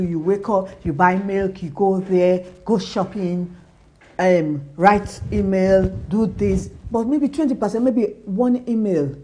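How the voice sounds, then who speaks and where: Young woman host, mellow voice, earnest motivational advice with acted-out dialogue. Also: mid-range voice, slight background noise. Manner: earnest, repetitive advice, acts out quoted dialogue. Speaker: business talk show host. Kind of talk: motivational business talk.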